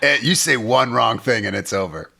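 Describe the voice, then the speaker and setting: A man's voice: mid-range voice, animated, moderate pace, vocal fry, pushed and bright. A man on a podcast who mocks the game's design with sardonic, profane wisecracks. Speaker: co-host, commentator. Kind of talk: casual podcast chat.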